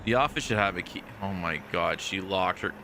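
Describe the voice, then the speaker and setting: A man with a fairly low voice chats casually through a live game stream, teasing and easygoing as he talks to viewers. A steady engine hum and background noise sit under his voice the whole time. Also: a little fast. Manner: chatty, teasing, talks to chat and off-mic family.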